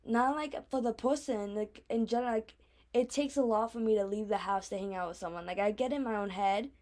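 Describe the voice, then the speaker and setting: Teen girl vlogger, casual rambling chat, somewhat high pitch, filler-heavy. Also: fairly quick, darkish tone. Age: teens.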